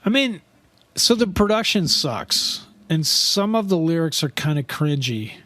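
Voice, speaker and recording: Male podcast co-host, loose and rambling, casual swearer, a touch high-pitched, dry recording. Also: big pitch swings, measured pace, sharp tone, no room sound. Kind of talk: casual chat.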